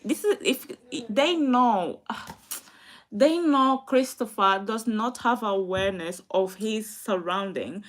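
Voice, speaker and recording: A woman's voice: mid-range voice, slow pace. A young woman vlogger, upset and close to tears, venting to her viewers in an emotional chat.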